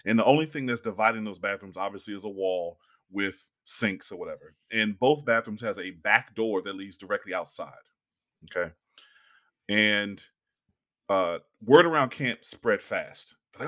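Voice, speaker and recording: A young man telling a long story in casual podcast chat, animated and acting out the people he quotes. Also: on the low side, normal speed.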